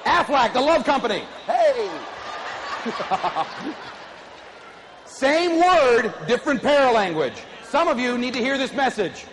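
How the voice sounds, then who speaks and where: Middle-aged man, keynote motivational speaker, lively bouncing delivery, faint hall ambience behind. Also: measured pace, background noise. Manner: high-energy, animated, audience call-and-response. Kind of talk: keynote speech to a live audience. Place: large conference hall.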